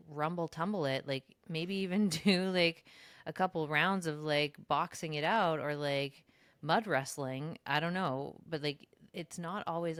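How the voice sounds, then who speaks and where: A woman co-hosting a podcast, talking in a reflective, casual way with many fillers. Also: no room sound. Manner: reflective, lots of "like", slips into high mocking voices when quoting herself. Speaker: podcast co-host. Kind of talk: casual spiritual chat.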